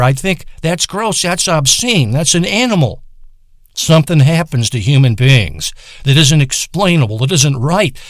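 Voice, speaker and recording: A man's voice: high-pitched, a bit bright, dry recording, clean studio sound. A man delivering a crude, rambling, obsessive comic rant, repeating himself and stumbling over restarts.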